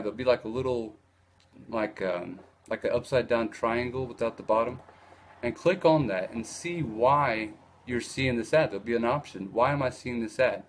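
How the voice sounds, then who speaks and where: A man's voice: medium pitch, a little hiss or hum. A man hosting a casual live video on ads, talking loosely with many fillers and restarts. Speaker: host of a live video on online advertising. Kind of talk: casual live-stream talk.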